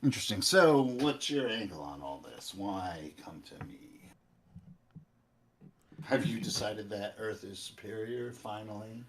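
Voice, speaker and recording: A man's voice: fairly low pitch, a little slow, slight background noise, natural voice. A man voicing a suspicious, condescending male cleric leader in a tabletop game.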